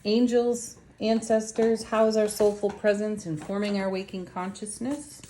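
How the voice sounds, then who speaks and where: A woman's voice: medium pitch, flat delivery, normal speed, dark tone, a little hiss or hum. A woman reading tarot cards to her viewers in a casual, chatty, upbeat way. She laughs often and talks straight to her audience. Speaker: tarot reader.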